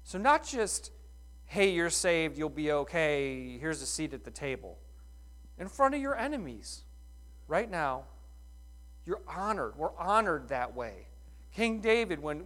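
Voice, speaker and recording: A middle-aged man preaching a sermon in a folksy, animated way, full of rhetorical questions. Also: on the high side. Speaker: pastor.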